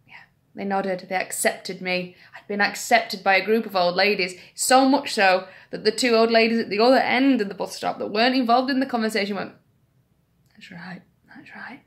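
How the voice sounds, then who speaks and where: A woman's voice: mid-range voice, a little fast. A young woman vlogging, telling an anecdote in a chatty, self-deprecating way. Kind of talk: casual storytelling to camera.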